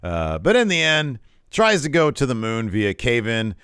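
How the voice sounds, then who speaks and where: A man co-hosting a wrestling podcast in casual chat, lively and joking, often jumping up into a higher voice. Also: moderate pace, smooth, dry recording, clean studio sound.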